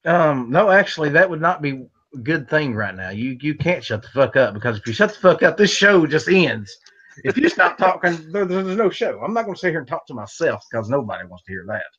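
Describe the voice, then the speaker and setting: A man's voice: on the high side, sing-song, brisk, a bit bright, breathy edge. A man hosting a casual chat, blunt and opinionated with grouchy humor. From American South. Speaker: host. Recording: dull lo-fi audio.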